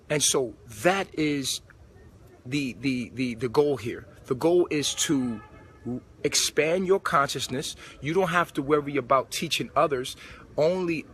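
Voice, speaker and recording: A man's voice: a little high, a bit bright, a little hiss or hum. A man giving a casual spiritual monologue, preachy and full of street slang. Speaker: spiritual vlogger. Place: old supermarket converted to a club.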